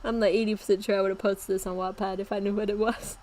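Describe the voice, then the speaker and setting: A woman's voice: mid-range voice, little pitch movement, fast, a little mellow, poor audio. A young woman in her early twenties reading her old novel aloud on a stream, laughing at her own writing.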